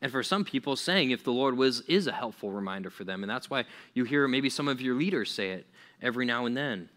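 A man's voice: mid-range voice, lively intonation, fairly quick, a bit bright. A man preaching a casual sermon to young listeners, chatty and full of "like" fillers, laughing often. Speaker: pastor.

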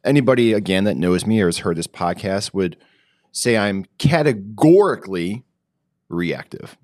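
A man's voice: on the low side, moderate pace, dry recording, clean studio sound. A man co-hosting a podcast, telling stories in a casual, self-mocking way. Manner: animated, self-mocking storyteller. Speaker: podcast co-host. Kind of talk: casual chat.

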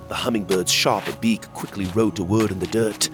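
A man narrating a children's fantasy story in the first person, with expressive storytelling. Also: fairly low pitch, moderate pace, few pauses, over music.

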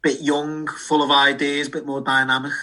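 A man's voice: on the high side, flat delivery, moderate pace, sharp tone. A man, co-hosting a casual chat with wry, teasing remarks. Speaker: podcast co-host.

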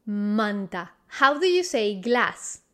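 Slow, patient woman teaching vocabulary. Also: medium pitch, very animated, sharp tone. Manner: repeats each word, quizzes the listener, patient and encouraging. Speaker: Spanish teacher. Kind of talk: slow, clear vocabulary lesson.

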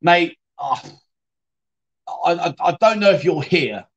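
A man hosts a casual livestream, rambling as he chats, reads out viewer comments, and keeps saying "mate." His voice is a little high and animated, though he takes it slowly, and the recording sounds muffled.

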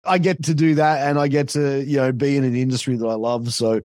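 A man's voice: mid-range voice, fairly even intonation, fairly quick, a little mellow, no room sound, studio quality. An Australian man, a podcaster and wrestling announcer, chatting casually as a guest, swearing freely and filling his talk with asides. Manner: profane, loose, full of fillers.

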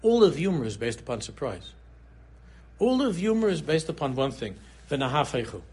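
Animated husky rabbi yeshiva English. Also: male voice, fairly quick. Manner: animated storyteller, swings between low murmurs and sudden high exclaims. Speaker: rabbi giving a Torah class. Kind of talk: Purim shiur sermon.

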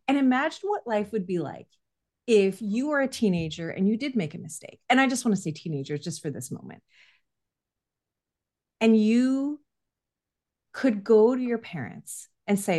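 A woman's voice: mid-range voice, animated, moderate pace, long pauses, darkish tone. A woman hosting an interview, enthusiastic and emphatic, who talks in vivid hypotheticals. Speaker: podcast host, parent coach. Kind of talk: conversational interview.

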